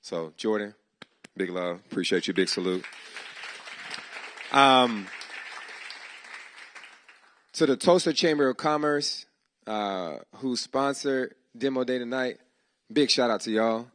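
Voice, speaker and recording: A man's voice: mid-range voice, animated, takes it slowly, long pauses, a bit bright, some chatter behind, slight background noise. A man hosting a startup demo day, giving heartfelt, casual, slangy thanks to his team in a live speech before an audience. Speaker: event host giving thanks. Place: event hall before an audience.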